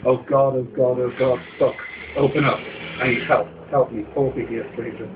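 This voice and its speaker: Desperate drunk man, slurred and shouting, as the poet puts him on; low-pitched, muffled recording with light hiss. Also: level tone, a little fast, close to an everyday voice.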